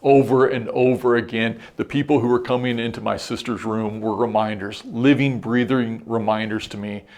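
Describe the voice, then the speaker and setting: A man's voice: medium pitch, steady tone, moderate pace, hardly any pauses, darkish tone. A middle-aged man preaching a sermon as a pastor, telling a personal story in an earnest, reflective way with frequent restarts.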